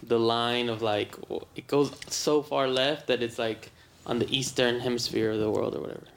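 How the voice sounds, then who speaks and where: Gravelly man teasing friends with trivia. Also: mid-range voice, fairly even intonation, normal speed, slight background noise. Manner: teasing, shares fun facts. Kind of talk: casual chat.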